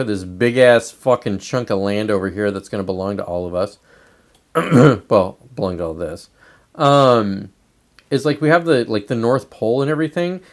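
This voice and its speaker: Brash swearing man ranting. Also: medium pitch. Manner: brash, swearing, talks to a pointer and chat. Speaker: livestream host. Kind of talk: profane political rant.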